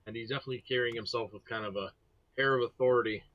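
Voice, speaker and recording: A man's voice: medium pitch, steady tone, very fast, no echo, highs cut off. A man narrating as game master of a tabletop game, casual and hesitant with fillers.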